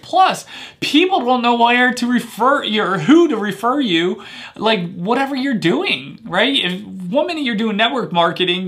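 Energetic male coach in his thirties, high and bright voice, keeps asking "right?". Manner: energetic, punctuates points with "right?". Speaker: life coach. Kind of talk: motivational talk to camera.

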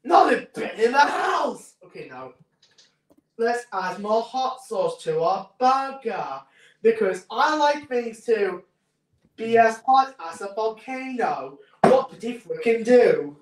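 A woman streamer chatting through a game with hysterical, shouted outbursts. Her voice swings all over its range and she often slows right down. The room gives her voice a noticeable echo. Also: on the high side, recorded from a distance. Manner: excitable, hysterical shouting bursts. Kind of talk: casual live-stream commentary. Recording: roomy echo, faint noise.

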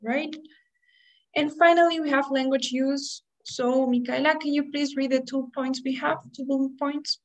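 Woman, teacher, online class, explanatory, fairly high voice. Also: steady tone, normal speed, low-quality recording. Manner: explanatory, asks "right?" often. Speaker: English test prep teacher.

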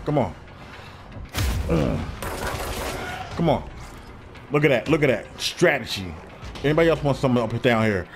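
A man's voice: mid-range voice, expressive, normal speed, creaky, long pauses, background noise. Trash-talking hyped gamer man. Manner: trash-talking, hyped then frustrated, slangy. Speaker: gaming YouTuber. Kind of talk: casual gameplay commentary.

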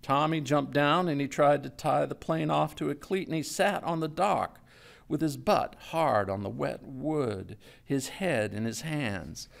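A man giving a live literary reading of a story, in a measured storytelling manner that drops low and quiet for tense moments. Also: vocal fry. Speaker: writer reading his own story. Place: stage before a live audience.

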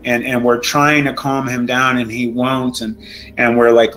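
A man, a guest in an interview, tells a frightening true encounter in an emotional, halting way with many restarts, sounding shaken and close to tears. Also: medium pitch, fairly bright tone, slight background noise, low-quality recording.

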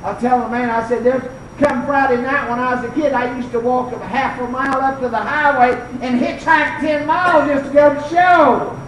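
This is an older preacher at a revival service, fervent and storytelling, who swings up into shouted peaks. The voice sits high and rings around a reverberant church, picked up from well back with a faint hiss underneath. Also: fairly even intonation, normal speed, few pauses. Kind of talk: revival sermon. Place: church sanctuary. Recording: echoey church, mic far off.

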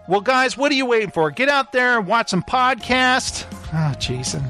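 Goofy, joking podcast host, very animated delivery, faint music under. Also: male voice, sits high, normal speed. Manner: goofy, joking, laughs a lot. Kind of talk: casual podcast sign-off.

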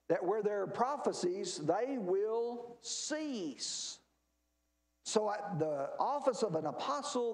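A man leads a church Bible class in an emphatic teaching manner, often asking a question and then answering it. His voice sits high and swings widely in pitch. The sound carries the echo of a roomy church space.

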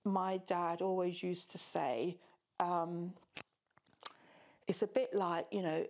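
An older woman from Jamaica, recalling her school days in a documentary interview with lively, amused telling and quoted dialogue. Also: lowish voice, slow pace.

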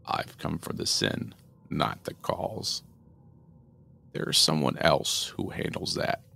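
A man voicing a tall horned male shadow demon, speaking in a slow, growling, half-whispered menace for a horror audio drama. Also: rumbling low, very animated, gravelly, sharp tone, slightly rough, full character voice. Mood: cold.

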